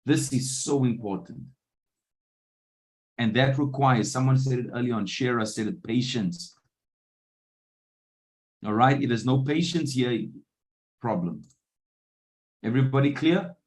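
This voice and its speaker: Trading coach checking in with listeners. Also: male voice, mid-range voice, lively intonation, measured pace, long pauses, a little mellow. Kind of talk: live trading room teaching. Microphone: video call.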